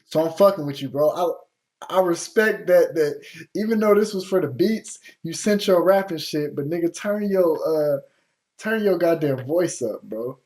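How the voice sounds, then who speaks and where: A man whose voice runs a little high, expressive and a touch mellow, talks at normal speed. Hosting a beat-feedback show as a music producer, he's frank and casual, heavy on slang and swearing, but still supportive of the producer.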